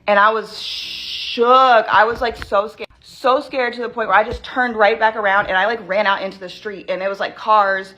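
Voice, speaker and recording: A woman in a storytime vlog, shaken and tense, rushing through her retelling with lots of "like". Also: medium pitch, steady tone, pushed and bright, slight background noise, rough recording. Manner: tense, rushed retelling full of "like". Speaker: vlogger.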